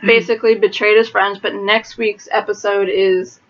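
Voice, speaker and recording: A woman's voice: mid-range voice, little pitch movement, normal speed. A woman chatting casually about a TV episode, talking in loose repeated phrases full of "like". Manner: conversational, repeats "like" and restarts. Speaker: co-host reviewing an episode. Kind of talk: casual chat. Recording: dull lo-fi home recording.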